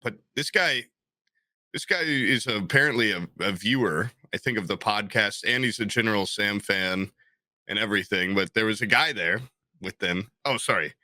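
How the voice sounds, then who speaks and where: A man co-hosting a casual podcast tells a rambling story, tripping over himself and restarting. He does the other people's lines in raised, excited voices. His voice is bright and forward, and the sound is dry and close. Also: fairly low pitch, moderate pace, no room sound. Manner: rambling, self-interrupting, acts out quotes in raised voices. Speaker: podcast co-host.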